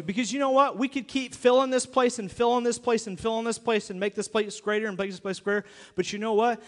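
A man preaching a sermon as pastor of his church, emphatic and given to repeating himself. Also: high voice. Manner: emphatic, repeats himself, acts out quoted voices. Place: church sanctuary. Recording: long hall reverb.

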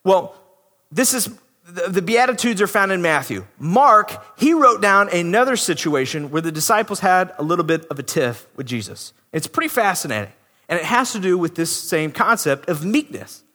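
A man preaching a sermon in a church, animated and talking through rhetorical questions, often acting out the people he talks about. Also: high voice, moderate pace. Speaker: pastor. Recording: long reverb of a big hall.

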